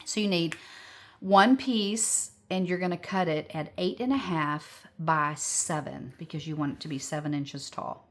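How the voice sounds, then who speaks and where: A woman's voice: sits low, measured pace. A woman hosting a casual craft tutorial, explaining each step in a chatty way with many fillers. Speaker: craft channel host.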